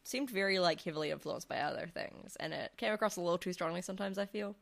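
A woman's voice: lowish voice, fast talker, gravelly. A woman co-hosting a casual podcast discussion, giving thoughtful, hedged opinions. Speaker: podcast co-host.

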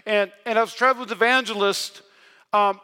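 Male pastor, high bright voice, energetic storyteller with a joking, self-deprecating streak, preaching a sermon in a big reverberant hall. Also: fairly quick, clean tone. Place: large church hall. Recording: long reverb of a large hall.

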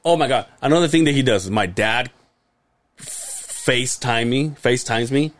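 A young man co-hosting a casual podcast, telling a family story in an animated way, acting out his relatives' voices and swearing freely. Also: medium pitch, moderate pace, slight background noise. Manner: laughs hard and often. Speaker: podcast co-host.

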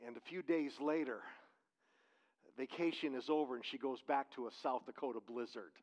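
A man's voice: mid-range voice, normal speed, darkish tone. A man, preaching a sermon as pastor in a conversational way, with restarts and rhetorical questions. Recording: dull, lo-fi church recording.

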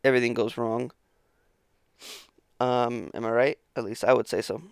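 A man with a gravelly, creaky voice talks alone on his podcast, drifting from thought to thought and swearing freely. The sound is dry and close, with no room around it. He sounds a bit sleepy, trailing off and restarting his sentences. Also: medium pitch, fairly even intonation, moderate pace, dry recording. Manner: rambling, profane, self-interrupting. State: sleepy, yawning. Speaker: podcast host. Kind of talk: casual solo podcast monologue.

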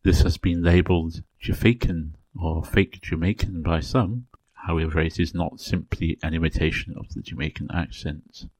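A man from England speaking with a Received Pronunciation accent, giving a measured, clearly enunciated educational talk as a podcast host. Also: low-pitched, steady tone, darkish tone, dry recording. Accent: English Received Pronunciation.

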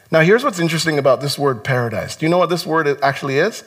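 A man's voice: a little high, quick pace, fairly bright tone. A man preaching a sermon as pastor to his congregation, earnest and exhorting, often repeating words as he stresses a point. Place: church sanctuary.

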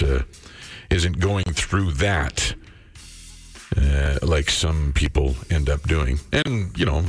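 A middle-aged man hosting a morning radio show, telling a long rambling anecdote with fillers and restarts. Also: low voice. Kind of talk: casual radio storytelling.

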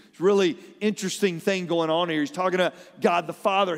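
A middle-aged man, an animated pastor preaching a sermon and telling personal stories. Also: high-pitched, a little fast, big-room sound. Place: large church hall.

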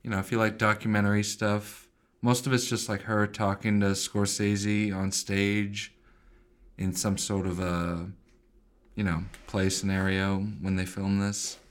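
Podcast co-host, young man from Boston, loose rambling chat, slightly low voice. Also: level tone, measured pace. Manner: loose, rambling, many fillers. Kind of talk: casual chat.

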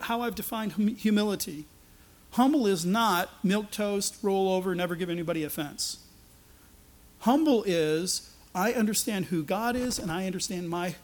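High-voiced man preaching with sarcasm. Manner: animated, sarcastic, acts out quoted lines. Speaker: pastor. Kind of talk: sermon.

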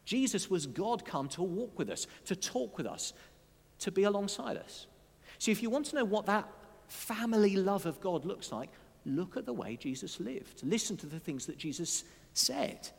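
A man delivers a sermon in a chatty, conversational manner, with dry humour and quick asides. His voice sits a little high and moves a lot in pitch. A long hall reverb trails after every phrase. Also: sing-song, creaky, slightly rough. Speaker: preacher.

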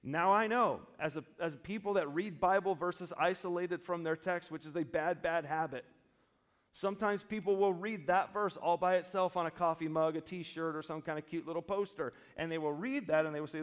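A man preaching a sermon as pastor, switching between loud emphatic stretches and quiet, slow reflective passages, with humorous asides. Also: a little high, fairly even intonation. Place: church sanctuary. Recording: long church reverb.

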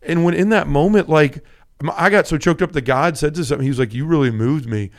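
A man's voice: on the high side, fast. A man hosting a podcast, talking earnestly and emotionally about a pilgrimage, reading scripture aloud and rambling with restarts. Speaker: podcast host. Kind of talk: casual conversation about a pilgrimage.

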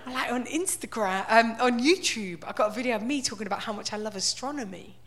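Wry woman, fairly high voice. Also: expressive, brisk, fairly bright tone. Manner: conversational, wry, full of "like" and "right?". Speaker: comedian. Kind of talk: live stand-up style talk.

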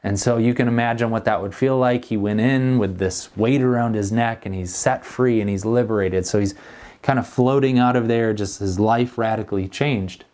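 Middle-aged male pastor, low-pitched, earnest and conversational, preaching a sermon. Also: normal speed, darkish tone.

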